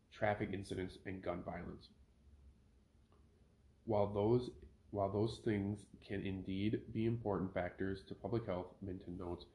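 A man's voice: sits low, dark tone. A man hosting his own podcast, reading a news article aloud and breaking off to rant with opinionated asides. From Minnesota. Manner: opinionated, ranting, self-correcting. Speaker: podcast host. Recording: roomy home podcast recording.

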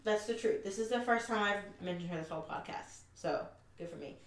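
A woman's voice: medium pitch, brisk. A young woman co-hosting a casual home podcast, gushing and swearing as she repeats herself. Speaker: podcast co-host. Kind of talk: casual chat. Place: home room. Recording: echoey room, mic far off, faint background hiss.

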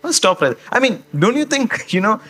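A man's voice: high-pitched, big pitch swings, a little fast, a bit bright, husky, soft background music. A male pastor preaching a sermon in a conversational way, often checking in with the congregation with questions and "okay?".

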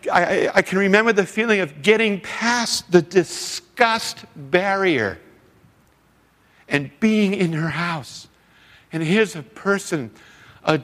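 A middle-aged former youth pastor with a high, slightly bright voice tells heartfelt stories at a men's seminar, acting out other people's lines in sermon style. The long reverb of a large hall surrounds him.

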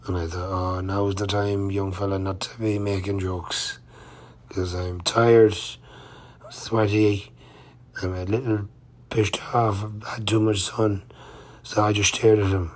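Male cyclist vlogger, low flat delivery, rambling casual diary talk. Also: a little slow. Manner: rambling and chatty, with many fillers and restarts. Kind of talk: casual travel-diary narration.

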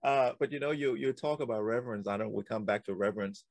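A man hosting a podcast, telling a childhood story in a rambling way with quick laughs. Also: lowish voice, a little mellow, no echo. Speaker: podcast host. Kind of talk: casual conversation.

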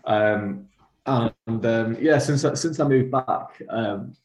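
A man with a Mancunian accent talks casually as a podcast guest, rambling and full of fillers. His voice sits at a middling pitch and rings in an echoey room. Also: takes it slowly, darkish tone. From northwest England. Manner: rambling, uses many fillers. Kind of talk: casual interview chat.

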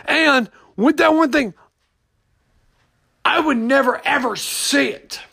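Guy w a high voice doing an upset rambly solo podcast rant, lots of restarts. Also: slow, gravelly, pushed and bright. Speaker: podcast host. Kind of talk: unscripted personal monologue.

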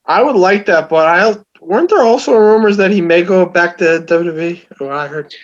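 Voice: medium pitch, lively intonation, normal speed, highs cut off. A podcast co-host in casual chat, throwing in joking interjections.

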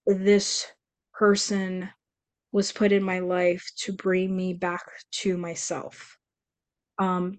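A woman's voice: lowish voice, a little mellow, smooth, dry recording. A woman co-hosting a podcast, speaking candidly and earnestly, often restarting her sentences. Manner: earnest, emotional, halting with restarts. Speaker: podcast co-host.

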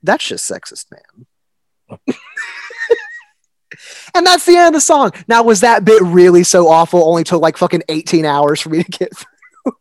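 A man's voice: sits high, unhurried, pauses often, no echo, low-quality recording. A man co-hosting a podcast in casual chat, rambling and profane, laughing often and half-singing lyrics. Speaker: podcast co-host.

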